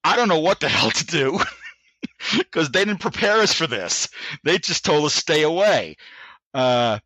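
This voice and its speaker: A man in his sixties telling a story as a podcast guest. He talks in an animated way, with frequent restarts, and acts out the voices of people he quotes. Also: on the high side, a little slow, no echo. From United States. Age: 60s. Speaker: guest, Army veteran. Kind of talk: anecdotal storytelling in a podcast interview.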